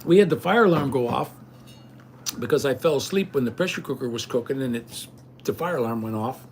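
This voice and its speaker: A man's voice: mid-range voice, expressive, a little fast, a little hiss or hum. An older man hosting a livestream, ranting indignantly and rambling straight at his viewers. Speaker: livestream host. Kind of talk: casual rant to viewers.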